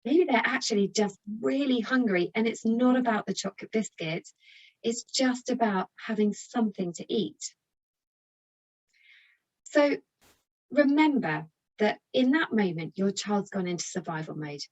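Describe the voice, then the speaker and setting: A woman's voice: fairly high pitch, measured pace, highs cut off. A British woman giving a chatty, encouraging parenting talk straight to viewers. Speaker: parenting coach. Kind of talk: direct-to-camera parenting talk.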